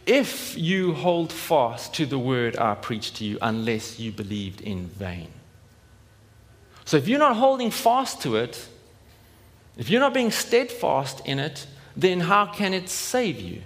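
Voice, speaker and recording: A man preaching in a relaxed, chatty manner, acting out the voices of imagined listeners. His voice sits somewhat high for a man. It rings with a long reverb, as in a church hall. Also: slow. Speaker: pastor. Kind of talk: sermon.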